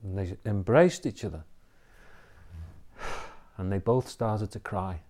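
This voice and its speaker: A man's voice: lowish voice, slow, a little mellow. A man giving an inspirational talk, telling a personal story in an earnest, reflective way, often adding "you know" and "okay?". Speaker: inspirational speaker.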